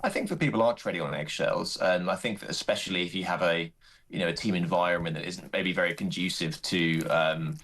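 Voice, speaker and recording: Male radio guest, deep low voice, relaxed and chatty. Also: fairly quick, husky. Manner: relaxed, chatty, laughs easily. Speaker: guest political journalist. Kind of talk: casual radio interview.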